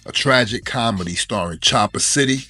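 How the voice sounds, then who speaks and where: A man's voice: medium pitch, brisk, bright, forceful tone, faint music behind. A man giving sarcastic commentary, delivering a mocking roast full of punchlines.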